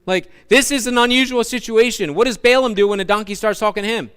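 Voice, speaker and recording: Brief: male pastor, animated storytelling sermon, smooth resonant voice. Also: high voice, quick pace. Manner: animated storytelling with humorous asides.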